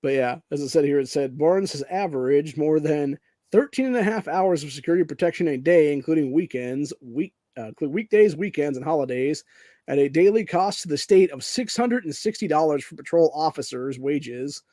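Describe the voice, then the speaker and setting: Profane ranting man, dark dry voice. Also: on the high side, animated, fairly quick, dry recording. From Ohio, USA. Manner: profane, angry, says "dude" often. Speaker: podcast host. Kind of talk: casual political rant.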